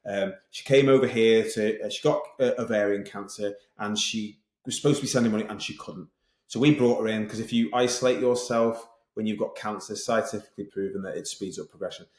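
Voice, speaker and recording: A middle-aged man telling his story as a podcast guest, fast and lively, acting out other people's lines as he goes. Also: fairly low pitch, echoey room. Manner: fast, animated, tells stories with quoted voices. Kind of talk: casual interview storytelling.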